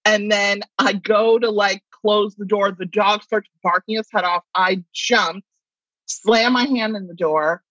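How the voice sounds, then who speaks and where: A woman's voice: mid-range voice, fairly even intonation, measured pace, fairly bright tone, no echo. Chatty woman on a slightly dull recording. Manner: chatty, laughs often while telling stories. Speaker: guest writer. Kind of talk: casual chat, anecdote telling.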